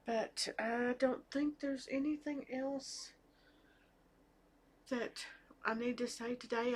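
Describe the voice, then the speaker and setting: A woman's voice: fairly high pitch, slightly rough. A middle-aged woman chatting casually to camera about her knitting, hesitant, with fillers and restarts. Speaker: knitting vlogger. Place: home with family talking in the background.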